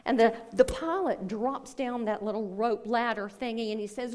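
A woman pastor preaching a sermon, telling a story in a slow, deliberate way. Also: a little high, darkish tone.

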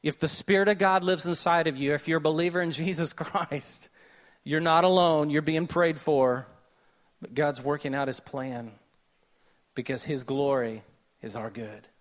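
A man preaching a sermon with a Southern US accent, joking with the congregation, then dropping to a hushed, slow delivery. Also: fairly high pitch. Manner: animated, jokey asides, shifts between loud and hushed delivery. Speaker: pastor.

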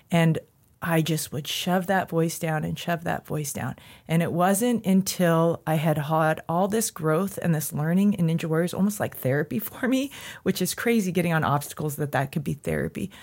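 A woman's voice: lowish voice, moderate pace, vocal fry. A woman guest on a podcast, telling a personal story in a heartfelt way, at times tearful.

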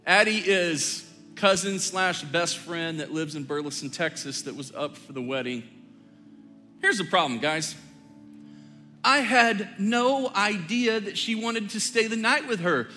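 Bright-voiced middle-aged pastor, joking sermon. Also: male voice, high-pitched, lively intonation, unhurried, soft background music. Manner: conversational, joking storyteller. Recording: long hall reverb.

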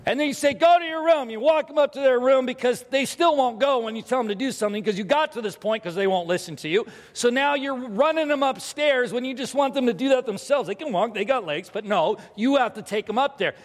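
A man preaching a sermon as pastor, telling a parenting story and acting out the scenes with lively energy. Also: extremely high pitch, a little fast, few pauses. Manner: animated storytelling, acts out scenes. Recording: hall reverb.

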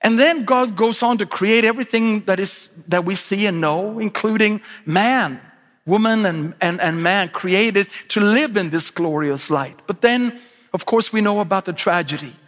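A middle-aged Swedish-accented pastor with a high voice, preaching a lively sermon. He jokes in asides and restarts his phrases. His voice rings through the long reverb of a large church auditorium. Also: a little slow. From Sweden. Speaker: guest pastor.

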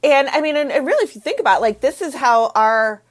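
A woman who works with families talks in an expressive, explanatory way and acts out what babies and parents might say. Her pitch moves widely up and down. She sounds relaxed and conversational. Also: quick pace. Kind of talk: casual chat.

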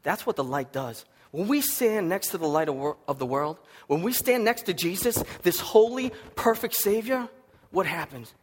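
A man delivering a sermon in a slightly high voice, building stories with animated swings between loud bursts and hushed asides. He sounds a little sniffly from allergies. A long reverb trails his words, as in a large church hall. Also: moderate pace, slight background noise. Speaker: preacher.

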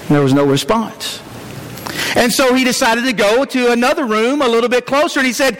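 High-voiced preacher in a reverberant church. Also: male voice, expressive, a little fast, fairly bright tone, a little hiss or hum. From Georgia, US. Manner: folksy storyteller, many "uh" fillers. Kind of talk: sermon. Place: church sanctuary.

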